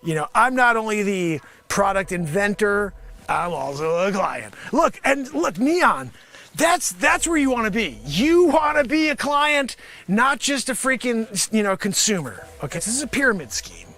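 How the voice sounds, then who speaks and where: A man hosts his own comedy show and improvises a mock sales pitch in a high, bright voice. His delivery is brash and sarcastic, and his pitch swoops wildly up and down. He mutters asides and then breaks into sudden shouts. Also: very animated, measured pace. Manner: swings between mumbled asides and sudden shouted outbursts.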